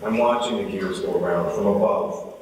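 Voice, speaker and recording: Keynote storyteller, man, forties; lively delivery acting out dialogue, distant and echoey. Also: fairly low pitch, moderate pace, slight background noise. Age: 40s. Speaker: motivational speaker. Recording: echoey hall from far off.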